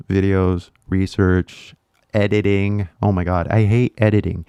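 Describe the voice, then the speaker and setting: A man's voice: on the low side, fairly even intonation, unhurried, dark tone, clean tone, no echo, studio quality. A young man with an American accent, a YouTuber teaching English, chatting loosely on a livestream from a small sound booth, full of fillers and restarts. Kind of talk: casual livestream chat.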